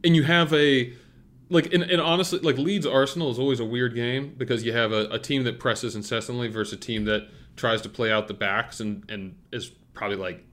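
A young man co-hosting a casual sports podcast, talking in an animated way with frequent restarts and questions. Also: mid-range voice, brisk. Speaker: podcast co-host.

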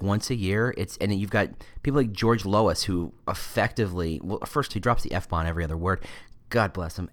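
A man with a fairly low voice hosts a podcast, talking in a loose, chatty monologue. His pitch moves animatedly as he tells stories and slips in mock voices. He often backs up and rephrases mid-sentence. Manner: animated, lively storytelling with playful mock voices; digressive, self-correcting. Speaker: podcast host.

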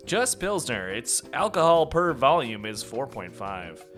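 A man's voice: mid-range voice, very animated, measured pace, a bit bright, soft background music. A man co-hosting a casual podcast, joking around and laughing often. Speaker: podcast co-host. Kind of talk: casual chat.

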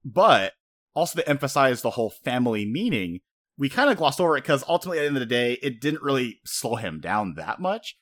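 A man co-hosting a casual podcast, rambling and animated as he retells story scenes, slipping into quoted voices. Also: medium pitch, a little fast. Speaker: podcast co-host. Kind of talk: casual anime discussion.

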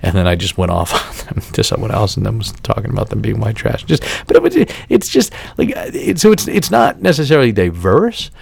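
A man's voice: fairly low pitch, very animated, brisk, gravelly, hardly any pauses, breathy edge. A man in his forties, a podcast host, telling a story in a casual, profane and exasperated way.

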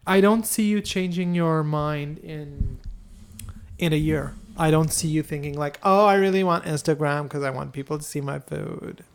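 A woman co-hosting a casual chat, animated and quick to laugh. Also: low-pitched. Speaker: podcast co-host.

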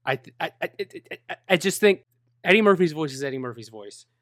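A man's voice: a little high, lively intonation, a little fast, a bit bright, no room sound, studio quality. A man in a casual movie discussion, earnest and opinionated, talking in long stretches.

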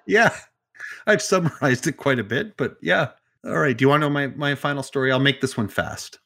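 A man's voice: medium pitch, animated, brisk, a bit bright. Chatty man retelling odd stories. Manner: summarizes stories loosely with asides and jokes. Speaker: podcast co-host telling stories. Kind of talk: casual storytelling chat.

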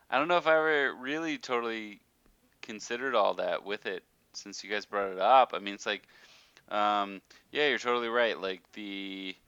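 A man hosting a casual podcast chat, animated and rambling with lots of fillers. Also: fairly low pitch, smooth, no room sound, highs cut off. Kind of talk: casual chat about a TV show.

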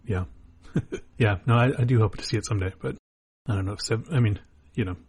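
Man, podcast host, casual chat, lowish pitch, gravelly. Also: fast talker. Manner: relaxed, stammering restarts.

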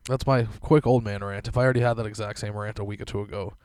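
Low-voiced rambling, profane podcast guy. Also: steady tone, fast, a little mellow, smooth, dry recording. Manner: profane, rambling, filler-heavy. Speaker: podcast host. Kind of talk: casual rant.

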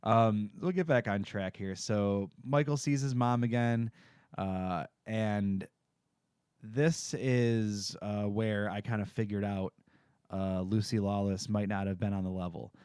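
A man's voice: lowish voice, fairly even intonation, unhurried, a little mellow, smooth, no room sound, studio quality. A man co-hosting a podcast, recapping a TV episode in a rambling, jokey way with lots of fillers. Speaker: podcast co-host. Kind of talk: casual chat recapping a TV episode.

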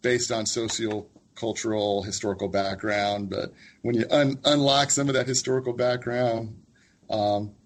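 A male professor speaking as an interview guest, with a husky, somewhat low voice. He talks thoughtfully and reflectively, with a gentle, amused touch. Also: steady tone, a little slow. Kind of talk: casual interview chat.

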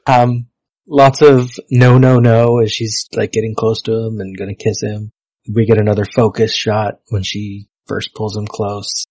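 A man's voice: lowish voice, fairly even intonation, unhurried, darkish tone, husky, no room sound, low-quality recording. A man hosting a podcast in casual chat, wryly reading out his notes. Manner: wry, reads out screening notes. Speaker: podcast host.

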